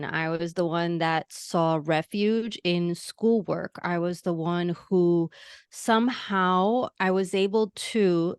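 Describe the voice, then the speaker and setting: A woman's voice: fairly low pitch, clear, resonant tone, no room sound. Bubbly middle-aged new york woman w/ a light latina lilt, guest on a podcast, dry close sound. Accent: New York with a mild Latina lilt. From Queens, New York. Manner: bubbly and effusive. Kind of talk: casual interview.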